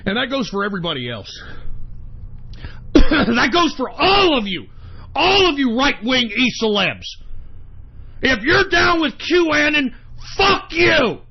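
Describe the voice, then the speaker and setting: A man hosting an internet radio show, ranting angrily and profanely, often shouting, on a dull lo-fi recording. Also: very high voice, sing-song, slow pace, creaky, pauses often, slightly rough. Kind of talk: angry talk-radio rant. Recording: dull lo-fi sound.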